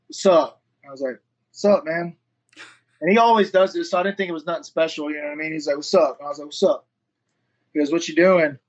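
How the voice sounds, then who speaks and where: Man, 30s, slightly high voice, rambling and profane storyteller, muffled lo-fi audio. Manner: rambling, profane, acts out quoted dialogue. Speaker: fighter and firefighter, interview guest. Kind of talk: casual interview storytelling.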